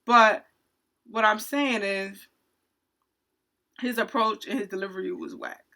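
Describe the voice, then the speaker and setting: A woman who works as a retail cashier, telling a story from her job in an indignant, animated storytime rant. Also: medium pitch, a little slow, gravelly.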